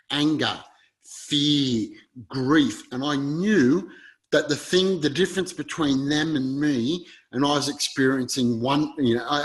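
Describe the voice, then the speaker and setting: A man's voice: medium pitch, a bit bright, low-quality recording. A man telling a story as an interview guest, in an earnest, rambling way and acting out quoted dialogue.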